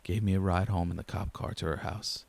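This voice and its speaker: Young guy telling a creepy story, lowish voice, lots of gravel and fry. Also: a little fast. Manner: low-key, steady first-person storytelling. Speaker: narrator. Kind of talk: scripted horror narration.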